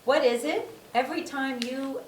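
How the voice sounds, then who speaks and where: A woman's voice: sits high, normal speed. A woman teaching a class, repeating her points for emphasis and often checking in with "okay?". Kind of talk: classroom lecture. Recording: echoey room, distant mic, faint room noise.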